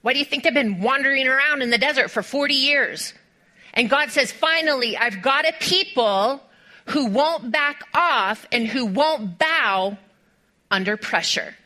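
A woman preacher delivering a sermon to a congregation, telling stories with lively rhetorical questions and speaking directly to her listeners. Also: sits high, unhurried. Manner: animated storytelling with rhetorical questions.

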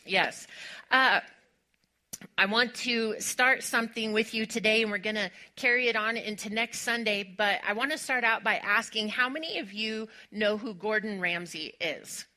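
A woman's voice: mid-range voice, moderate pace. A middle-aged woman pastor giving a sermon in a church, chatty and laughing often as she tells a personal story. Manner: chatty and warm, laughs often, gets emotional. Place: church sanctuary.

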